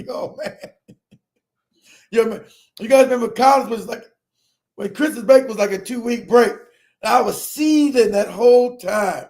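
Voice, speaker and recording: A middle-aged man with a strikingly high voice tells a personal story in a loose, conversational way. He is animated and profane, laughing often and acting out every quote. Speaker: streamer telling a personal story. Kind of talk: casual storytelling.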